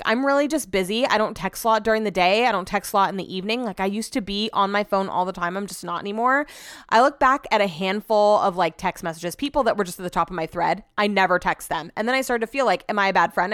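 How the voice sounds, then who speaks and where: A woman talks on her podcast in a loose, rambling way, venting with filler words and swearing. Her voice is smooth and clear at a middle pitch, recorded close and dry. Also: a bit bright, no echo. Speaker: podcast host. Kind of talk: casual chat.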